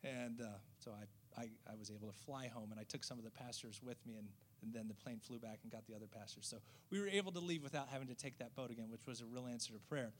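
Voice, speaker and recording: A man, a missionary, telling a story in a lively way and acting out the voices of the people in it. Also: mid-range voice, quick pace, hardly any pauses, slight background noise. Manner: lively, acts out quoted voices. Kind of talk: storytelling testimony.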